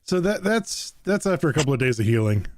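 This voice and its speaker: A man's voice: on the high side, sing-song, fast, a little mellow, slight background noise. A man hosting a casual podcast chat, telling stories with frequent laughs and fillers. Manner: laughs often, tells stories with many fillers. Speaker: podcast host.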